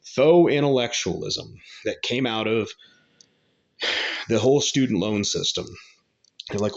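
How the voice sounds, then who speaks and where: A man's voice: medium pitch, measured pace, pauses often, highs cut off. A man giving a blunt, rambling opinion monologue with coarse language. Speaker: commentary channel host.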